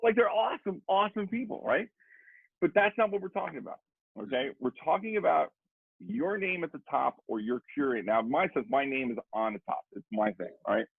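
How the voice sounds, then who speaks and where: A middle-aged man, a guest drummer and educator, telling a story in a rambling, animated way, with lots of repeated "I said.". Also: a little high, fairly quick, vocal fry, breathy edge, dry recording. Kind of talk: casual storytelling conversation. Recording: dry, tinny phone-like sound.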